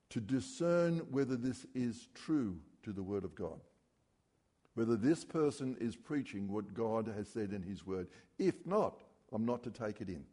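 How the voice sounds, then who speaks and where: A man's voice: medium pitch, mellow. A man preaching a sermon in a church, talking to the congregation conversationally and asking rhetorical questions.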